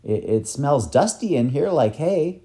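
A man voicing an eager, chatty young boy in a storybook reading, speaking with an excited, rising voice. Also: fairly high pitch, unhurried, husky, voice pushed up, exaggerated voice.

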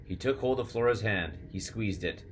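A man narrating an audiobook in a steady, measured storytelling manner. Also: lowish voice, a little hiss or hum. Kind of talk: scripted narration.

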